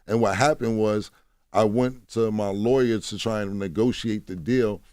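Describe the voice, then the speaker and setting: A man's voice: on the low side, normal speed, darkish tone, no echo, studio quality. A man telling stories bluntly in a radio interview, swearing freely and often asking "you know what I'm saying.". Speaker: guest. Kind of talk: candid interview storytelling. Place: radio studio. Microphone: studio mic.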